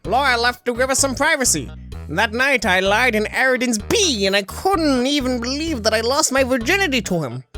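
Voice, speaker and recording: A man voicing Skeletor, a skull-faced male cartoon villain sorcerer, reading in a flat, hammy way. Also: very high voice, normal speed, faint music behind, pitched above the performer's own voice, heavily acted. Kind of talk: comedic reading of fan fiction.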